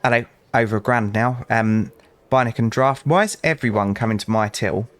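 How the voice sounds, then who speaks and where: At a moderate pace and in a mid-range voice with no echo, a young British man provides casual let's play commentary. He's a gaming channel host who chats to customers and tells rambling stories full of dry asides.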